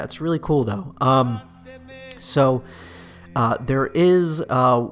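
A man's voice: medium pitch, vocal fry. Man chatting on a podcast, many restarts. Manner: halting, many fillers and restarts, openly emotional. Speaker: podcast host. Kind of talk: casual solo news chat.

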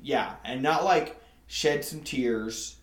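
A man's voice: mid-range voice, slow pace, echoey room. A man co-hosting a casual podcast in a laid-back way, swearing freely and backing up his friend with short replies. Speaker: podcast co-host. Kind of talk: casual chat.

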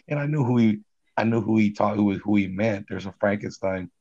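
A man's voice: lowish voice, moderate pace, breathy edge, lo-fi sound. A man telling old neighborhood stories in a loose, profane way, full of slang and swearing. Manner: profane, animated, heavy slang. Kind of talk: casual storytelling.

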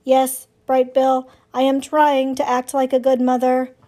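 A woman voicing a calm, polite female robot in a storybook reading, speaking in measured, formal phrases. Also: sits high.

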